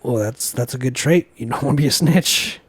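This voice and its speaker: A man's voice: mid-range voice, a little fast, breathy edge, no room sound. Man, podcast co-host, casual banter, jokey, swears a lot, dry close mic. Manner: joking, swearing, loose banter. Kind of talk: casual chat.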